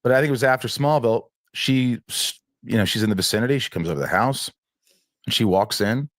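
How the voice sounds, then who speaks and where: A man's voice: mid-range voice, animated, fast, fairly bright tone, no echo, clean studio sound. A man telling a personal story in an interview, rambling and restarting often as he acts out what people said.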